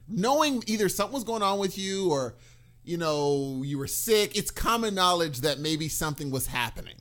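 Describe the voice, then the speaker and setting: A man co-hosting a podcast in casual chat, playful and animated as he tosses out questions and theories. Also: sits high, normal speed. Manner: animated, playful, acts out little quotes. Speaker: podcast co-host.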